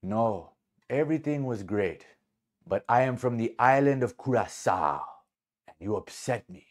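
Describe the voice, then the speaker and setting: A man voicing a calm, grounded gentleman from Curaçao who speaks in measured, firm sentences. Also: lowish voice.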